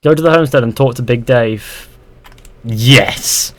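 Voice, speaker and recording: Unhurried and medium-pitched, a young man streams a game and chats casually, reading viewer comments out loud and responding with dry sarcasm. A little hiss or hum can be heard in the audio.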